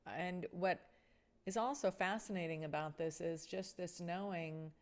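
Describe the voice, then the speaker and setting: Slow, low-voiced woman host. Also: steady tone. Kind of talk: interview chat.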